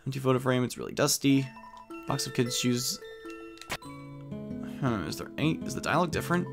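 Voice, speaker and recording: A man's voice: mid-range voice, a little fast, vocal fry. A man giving casual gameplay commentary, chatting about his choices and reading the game's dialogue aloud. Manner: chatty, reads game dialogue aloud, flat asides. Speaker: let's play commentator. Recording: guitar music playing behind.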